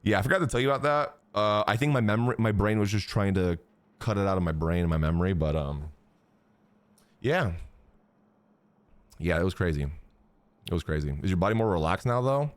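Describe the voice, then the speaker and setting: A man streaming live, telling chat a crude, animated story full of swearing. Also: low voice, brisk, long pauses, no room sound.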